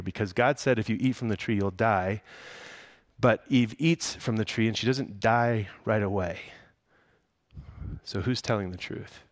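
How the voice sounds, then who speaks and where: A man's voice: mid-range voice, no echo. A man preaching a sermon as pastor, conversational and full of rhetorical questions.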